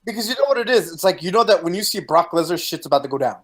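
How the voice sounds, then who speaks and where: A man co-hosting a casual wrestling chat over a video call, talking in a profane, excitable way and laughing often. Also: high-pitched, very fast, low-quality recording. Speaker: co-host of a wrestling chat show.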